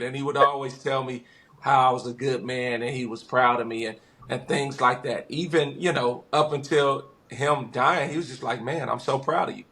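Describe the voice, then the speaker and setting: A man's voice: medium pitch, moderate pace. A man from West Los Angeles, a podcast guest, telling stories casually and acting out what people said. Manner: animated storyteller, acts out quotes. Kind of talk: casual conversation.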